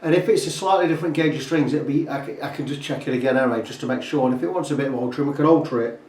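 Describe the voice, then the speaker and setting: A man's voice: mid-range voice, rapid-fire, darkish tone. A man, a guitar repair technician, talking through a job in a casual, rambling way in his workshop. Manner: rambling, chatty, fills gaps with "blah blah". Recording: roomy, distant workshop sound.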